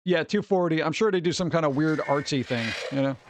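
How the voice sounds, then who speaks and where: A man hosting a casual stream, chatting and riffing on viewer messages in a rambling, jokey way with animated rants. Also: on the high side, fairly quick, no room sound. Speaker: streamer host.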